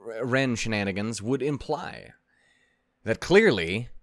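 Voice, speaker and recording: A young man hosting a reaction video, talking in a playful, rambling way that swings from mock-stern mutters to loud bursts. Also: medium pitch, lively intonation, a little slow, no room sound, clean studio sound. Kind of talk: casual solo chat before a reaction.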